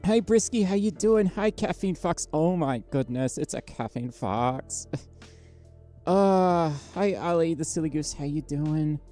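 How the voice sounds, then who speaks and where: A worn-out livestreamer talks casually to viewers in a quiet, low-energy voice, hesitating often and filling gaps with lots of fillers. The microphone sits right against his mouth inside a costume head.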